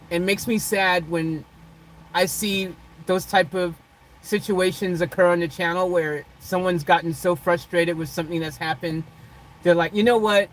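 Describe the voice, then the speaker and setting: A livestream host talks casually to viewers from inside a vehicle, chuckling often and swinging between loud, playfully dramatic teasing and quiet sincerity. The voice sits in a middle pitch, and a faint vehicle hum runs underneath. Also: poor audio.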